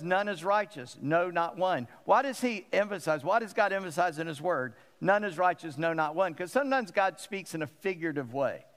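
A man's voice: a little high, big-room sound. A man, a pastor preaching a sermon in an emphatic way and repeating phrases for stress.

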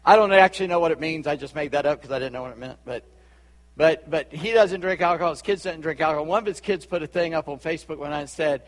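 A man with a Charleston Southern accent preaching a sermon as a pastor, chatty with asides and quick laughs. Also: on the high side, big-room sound. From Charleston, South Carolina.

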